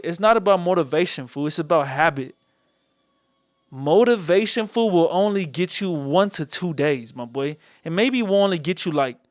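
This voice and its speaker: Slangy high-voiced Los podcast host. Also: male voice, dry recording, clean studio sound. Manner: slangy, repeats "my boy" and "fool" constantly. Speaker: podcast host taking call-ins. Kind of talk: casual call-in podcast chat.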